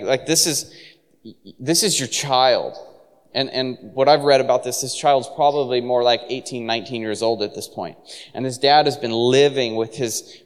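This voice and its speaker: A man preaching a sermon in a relaxed, conversational way, full of fillers and restarts. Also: medium pitch, in a large hall. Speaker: pastor.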